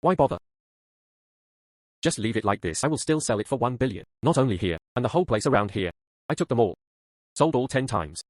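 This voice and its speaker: A man voicing a calm, unbothered rich young man in a drama dub, cool and matter-of-fact. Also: mid-range voice, fairly quick, long pauses, no echo, studio quality, lightly acted.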